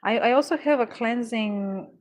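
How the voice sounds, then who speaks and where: A woman's voice: a little high, normal speed, darkish tone. A woman chatting casually while working on orders, easily startled, laughing often and correcting herself as she talks. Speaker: crafting livestreamer.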